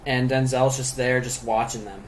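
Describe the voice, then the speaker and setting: A man's voice: medium pitch, steady tone, normal speed, low-quality recording. A man co-hosting a casual podcast chat about a movie, rambling with lots of fillers and frequent laughs. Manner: rambling, laughs often, many fillers and restarts. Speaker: podcast co-host reviewing a movie.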